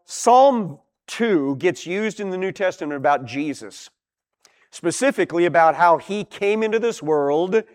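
Animated high-voiced male Bible teacher. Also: clean tone.

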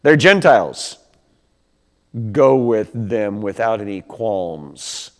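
A man voicing the Holy Spirit as a calm divine voice giving instructions, in a sermon retelling. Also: fairly low pitch, slow. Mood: instructing. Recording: long hall reverb.

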